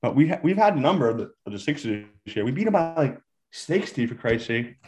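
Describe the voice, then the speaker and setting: A man's voice: medium pitch, very animated, fast, a little mellow. A young man co-hosting a sports podcast, a hyped, trash-talking fan in casual chat. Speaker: podcast co-host.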